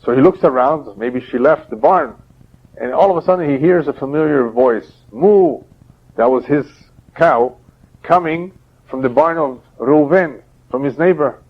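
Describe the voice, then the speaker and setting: A man, a rabbi, giving a religious lecture and teaching through parables in a steady, explaining way. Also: mid-range voice, normal speed. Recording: dull lo-fi older audio.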